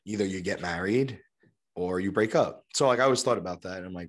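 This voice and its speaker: A young adult man with a sore throat, chatting casually on a podcast with lots of fillers. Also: fast. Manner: rambling, lots of fillers, puts on high voices for quotes. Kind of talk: casual chat.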